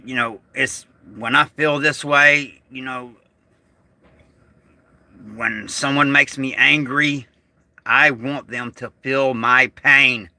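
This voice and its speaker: A middle-aged American man speaks slowly and haltingly, pausing often and letting sentences trail off. He sounds upset, fighting to keep his anger down. His voice is bright and sharp, and the recording is dry with no room echo. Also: mid-range voice, fairly even intonation. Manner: agitated, slow and halting, trailing off. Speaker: vlogger. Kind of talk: emotional vlog monologue.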